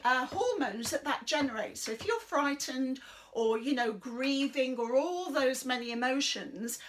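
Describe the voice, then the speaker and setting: A middle-aged British woman leading a chair exercise class in a chatty, rambling, encouraging way, breathing deeply and a little out of breath. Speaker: fitness instructor. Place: indoors under a big light.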